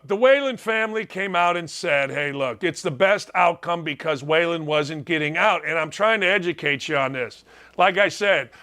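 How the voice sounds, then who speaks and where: A man's voice: a little high, bright, forceful tone. A middle-aged man hosting a sports talk show, riffing sarcastically and reading viewer comments aloud.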